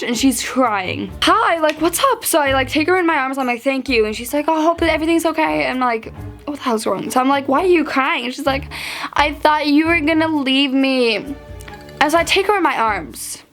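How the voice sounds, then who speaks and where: A teenage girl tells a storytime vlog in a bright, high voice, chatty and animated. She peppers every sentence with fillers and jumps into acted-out quotes of herself and friends. Soft music plays faintly behind her. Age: teens. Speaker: vlogger.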